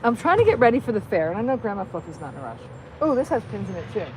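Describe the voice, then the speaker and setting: A woman hosting a casual live stream, chatting in a rambling, excitable way. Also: medium pitch, rapid-fire, noisy background. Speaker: livestream host.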